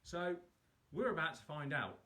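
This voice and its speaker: Lively, chatty man hosting a cook-along. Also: fairly high pitch, moderate pace. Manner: chatty, self-mocking, talks viewers through each step. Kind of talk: casual live cooking demo.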